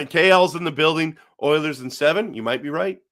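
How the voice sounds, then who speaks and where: A man's voice: fairly high pitch, moderate pace, fairly bright tone. A middle-aged man from Canada hosting a casual hockey live stream, reading viewer comments aloud and answering them in a chatty way.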